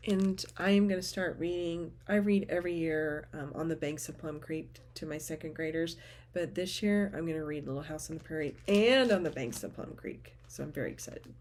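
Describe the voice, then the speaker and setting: Woman, low-pitched voice, casual vlog chat, gushing, trailing murmurs, faint hiss. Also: moderate pace, a little mellow. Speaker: teacher and cross-stitch vlogger. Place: at home.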